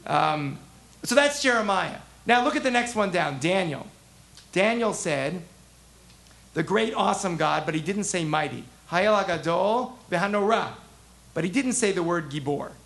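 Man, rabbi teaching a class, high voice, gravelly, animated, asks questions. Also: a little slow. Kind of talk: interactive text lesson.

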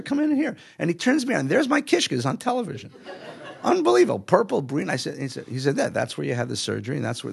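A man's voice: fairly high pitch, vocal fry, slightly rough. A middle-aged man, a rabbi, telling stories in a sermon and acting out the people in them. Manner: animated storyteller acting out voices. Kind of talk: storytelling sermon.

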